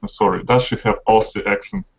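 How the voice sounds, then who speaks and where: Deep-voiced man on a call. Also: animated, fairly quick, slightly rough. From Russia. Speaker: student. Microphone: video call. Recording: lo-fi video call audio.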